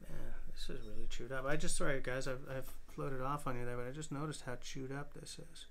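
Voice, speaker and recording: A man with a bright, clear tone and a middling pitch chats casually on a phone-shot live stream. He sounds tired and rambles along in a relaxed, self-deprecating way. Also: brisk, slight background noise. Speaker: bushcraft channel host. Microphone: phone camera.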